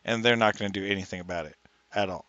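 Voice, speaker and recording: A man from New Mexico co-hosting a podcast, chatting in a relaxed, matter-of-fact way. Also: sits low, rapid-fire, no room sound. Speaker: podcast co-host. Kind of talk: casual chat. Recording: dull, dry lo-fi mic.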